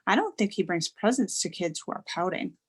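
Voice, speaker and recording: A woman's voice: fairly low pitch, sing-song, fairly quick, slight background noise. A woman voicing a grumbling, teasing father in a read-aloud storybook.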